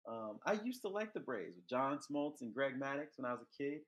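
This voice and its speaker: Young man, podcast host, casual profane storytelling, animated. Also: mid-range voice, brisk. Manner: loose and profane, animated when retelling.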